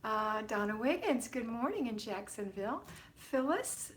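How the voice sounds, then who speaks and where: A woman's voice: a little high, expressive, measured pace, a little hiss or hum. A middle-aged woman hosting a casual homemaking livestream from home, greeting viewers by name in an affectionate, chatty way. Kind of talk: casual live-stream chat.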